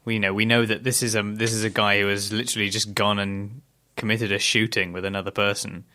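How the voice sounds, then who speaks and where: Bright-voiced man, chatty. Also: fairly low pitch, flat delivery, brisk. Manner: chatty, analytical, reads out episode summaries. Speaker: podcast co-host. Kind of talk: casual discussion.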